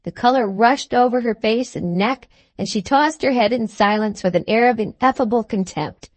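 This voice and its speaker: A woman's voice: on the high side, no room sound. Woman narrating an audiobook. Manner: measured, even storytelling. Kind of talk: scripted narration.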